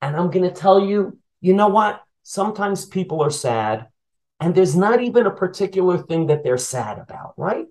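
Lively man teaching a Talmud story. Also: high-pitched, moderate pace, rough recording. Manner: lively storyteller asking the listeners questions. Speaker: Torah teacher.

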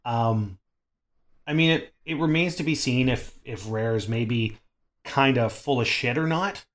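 A man co-hosting a casual gaming podcast, rambling and filling pauses with "um" and "like.". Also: mid-range voice, fairly bright tone. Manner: chatty, rambling with many fillers. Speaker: podcast co-host.

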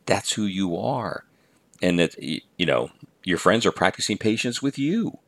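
A man's voice: sits low, sing-song, moderate pace, a bit bright, no echo. A middle-aged man hosting a podcast, giving an earnest talk on patience in numbered points. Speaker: podcast host and teacher-coach.

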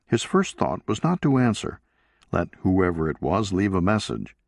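A man reading a novel aloud as an audiobook narrator, in a measured, deliberate way. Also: sits low, sing-song, gravelly, no room sound, clean studio sound. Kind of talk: scripted narration.

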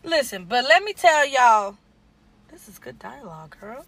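A woman's voice: on the high side, very animated, measured pace, fairly bright tone. A woman, casually chatting as a podcast co-host and talking straight to her listeners. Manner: chatty, addresses listeners as y'all, laughs often. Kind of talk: casual chat.

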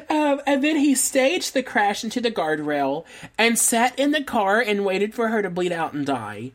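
A woman with a somewhat low voice walks through a true crime case on a podcast. She keeps it loose and chatty, laughing and tossing in jokey asides between the facts. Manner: laughs often, relaxed storytelling with asides. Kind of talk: casual true crime chat.

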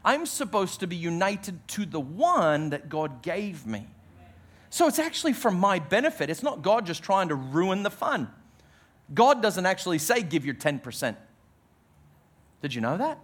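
A man preaching a sermon as pastor, emphatic, dropping his voice low on key words. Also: sing-song, normal speed, a bit bright, breathy edge.

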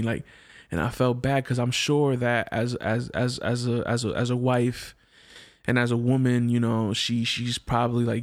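A man's voice: mid-range voice, normal speed. A man telling a personal story in a casual, slangy way, acting out the other people's lines and often restarting his sentences. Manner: slangy, animated, acts out quoted voices; frequent restarts and repeated words.

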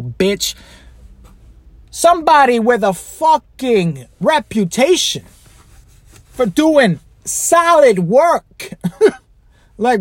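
A man's voice: very high-pitched, no room sound. A man hosting a podcast, telling a rambling, profane story in a casual monologue. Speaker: podcast host.

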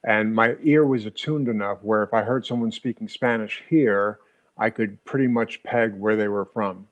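A man's voice: fairly low pitch, moderate pace, dull audio. A middle-aged man co-hosting a casual podcast chat, reflective and a bit hesitant as he tells his stories. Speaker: podcast co-host.

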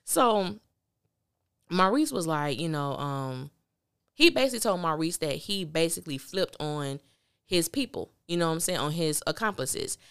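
A woman hosting a podcast, giving a casual and opinionated recap of a TV drama with lively, animated delivery. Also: clear, resonant tone. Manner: animated, opinionated, quick swings of pitch.

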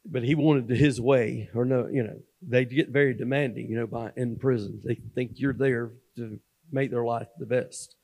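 A man, speaking as a guest at a church and telling a personal testimony in a folksy storytelling manner. He moves from loud, emphatic preaching to a quiet, confiding tone. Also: mid-range voice, fairly even intonation, normal speed, slightly rough. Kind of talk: sermon testimony. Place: church sanctuary.

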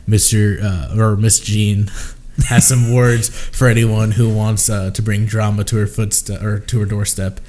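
A man's voice: lowish voice, level tone, a little slow, dark tone. A man co-hosting a podcast in casual chat, telling stories in a rambling way with many fillers. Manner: rambling storyteller, filler-heavy. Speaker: podcast co-host.

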